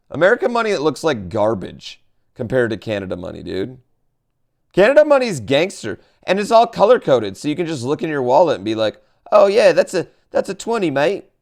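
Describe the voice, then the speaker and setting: A man's voice: medium pitch, vocal fry. A man streaming live, chatting casually and animatedly to his chat, swearing and going off on tangents.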